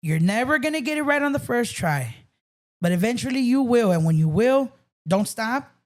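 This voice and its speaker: A man's voice: very high voice, sing-song, normal speed. Man, podcast guest; casual, profane storyteller. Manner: loose, swearing storyteller, mixes in Spanish. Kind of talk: casual chat.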